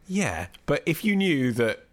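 A man's voice: fairly high pitch, sing-song, measured pace. A man co-hosting a casual comic chat, playful and rambling, with a taste for silly voices. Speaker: podcast co-host.

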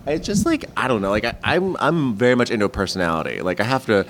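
A man's voice: mid-range voice, sing-song, fast talker, fairly bright tone, a little hiss or hum. A man, a guest comedian, chatting on a podcast and telling rambling stories with many restarts. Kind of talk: casual podcast chat.

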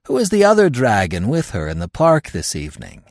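Man reading a wry male professor, bantering, raised voice, lively ups and downs, dry close sound. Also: medium pitch, brisk, no echo. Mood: teasing. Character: wry male professor, dryly joking colleague.

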